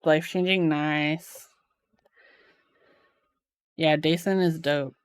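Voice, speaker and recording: A woman's voice: sits low, steady tone, slow pace, clear, resonant tone, no room sound, studio quality. A woman live streamer at home, chatting casually with her viewers, with lots of filler "like" and easy laughter. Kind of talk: casual chat while reading live chat.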